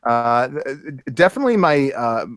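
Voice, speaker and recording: A man co-hosting a casual chat show, rambling and halting with many fillers and restarts. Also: mid-range voice, very animated, a bit bright, smooth, no echo. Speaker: co-host.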